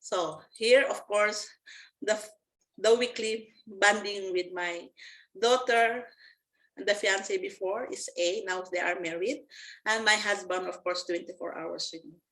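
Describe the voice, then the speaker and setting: A woman, giving a personal testimony as a network marketing presenter, earnest and halting with frequent restarts. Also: mid-range voice, steady tone, fairly bright tone, rough recording. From Philippines.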